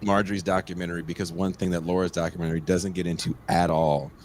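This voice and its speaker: A man hosting a podcast, loud and joking, chatting casually and slipping into silly voices. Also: sits low, little pitch movement, quick pace, a little hiss or hum. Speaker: podcast host.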